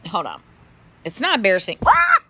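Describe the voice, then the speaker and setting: A woman's voice: fairly low pitch, animated, measured pace, sharp tone, slight background noise. A tired middle-aged woman, chatting casually to her phone camera in a rambling way, yawning and swearing now and then. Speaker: vlogger.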